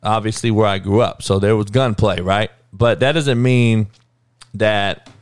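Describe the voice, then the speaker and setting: A man's voice: lowish voice, fairly even intonation, measured pace, clear, resonant tone, dry recording, studio quality. A man hosting a sports podcast, ranting in a heated, profane, rambling way and often calling listeners dog. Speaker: podcast host. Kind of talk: casual sports rant.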